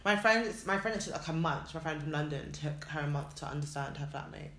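Young woman co-host; relaxed, giggly banter, low and animated, roomy echo on the mic. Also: fast talker. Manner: easygoing, self-mocking, giggly. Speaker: podcast co-host. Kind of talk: casual chat.

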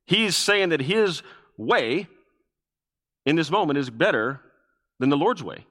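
Pastor, male, sermon delivery, lively intonation, repeats key lines, reverberant sanctuary. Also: a little high, a little slow. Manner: preaching with rhetorical questions, repeating key phrases. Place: church sanctuary. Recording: long reverb of a church hall.

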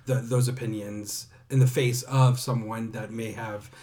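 A man's voice: mid-range voice, fairly even intonation, a little slow, dark tone. A man co-hosting a podcast in casual chat, talkative, laughing often and dropping sarcastic asides. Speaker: podcast co-host.

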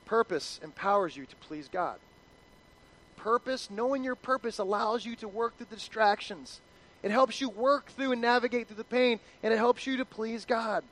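Man, pastor, high voice, animated conversational sermon. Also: moderate pace, low-quality recording.

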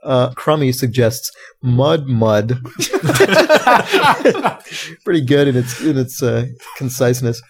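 A man's voice: medium pitch, fairly even intonation, takes it slowly, long pauses, a little mellow. A man hosting a casual podcast, reading listener submissions aloud with frequent laughter. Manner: amused, reads names aloud, laughs often.

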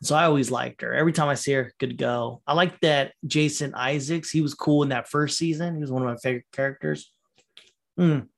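A man's voice: fairly high pitch, creaky. Rambling, profane casual podcast man. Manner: profane, rambling, laughs often; mocking quoted voices. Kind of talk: casual solo podcast rant.

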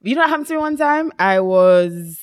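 Lively, animated young woman. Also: mid-range voice, fairly quick. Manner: animated storyteller, laughs often. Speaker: podcast co-host. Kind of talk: casual chat.

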